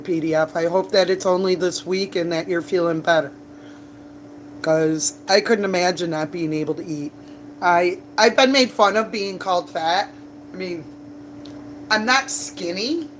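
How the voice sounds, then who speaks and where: A woman's voice: on the low side, slight background noise. A woman chatting casually on a livestream from a bar, rambling through stories with laughs and coughs. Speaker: livestreamer and bartender. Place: bar, indoors.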